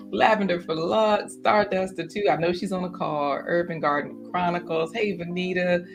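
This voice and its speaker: A chatty woman hosts a casual livestream with a slightly low voice. She talks in an animated way and laughs often, with faint music playing underneath. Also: measured pace. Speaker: host of a garden livestream.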